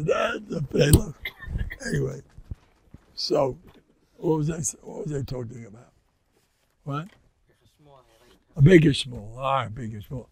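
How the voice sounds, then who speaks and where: A man's voice: fairly high pitch, lively intonation, a little slow, creaky, long pauses, darkish tone, slightly rough. An older man, giving an informal, rambling Torah talk as a rabbi, joking and dropping Yiddish and Hebrew words. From Far Rockaway, New York. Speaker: rabbi lecturer.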